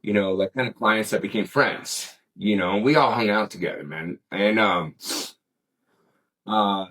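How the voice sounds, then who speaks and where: A man's voice: on the low side, a little slow, fairly bright tone, low-quality recording. A middle-aged man telling a story as an interview guest in casual, rambling talk, swearing freely and saying "man" often. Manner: rambling, laid-back, peppered with "man" and swearing.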